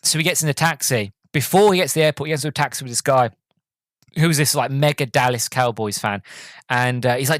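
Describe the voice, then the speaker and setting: A man's voice: medium pitch, quick pace, fairly bright tone, no room sound, clean studio sound. A man hosting a podcast, recapping a movie in a rambling, enthusiastic way. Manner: rambling, enthusiastic, many restarts. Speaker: podcast host. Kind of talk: casual movie review.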